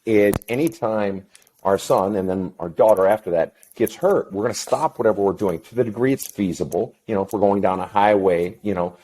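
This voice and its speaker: A middle-aged man, a counselor talking as an interview guest, telling a story in a blunt, profane and animated way. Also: on the low side, a little fast. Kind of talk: casual interview chat.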